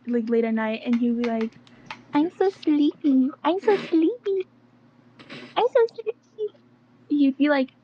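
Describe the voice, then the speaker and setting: Rambling young woman, dull lo-fi audio. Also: on the high side. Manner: rambling, full of "like" and "um", slangy. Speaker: interview guest. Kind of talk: casual interview talk. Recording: dull, slightly lo-fi audio with faint noise.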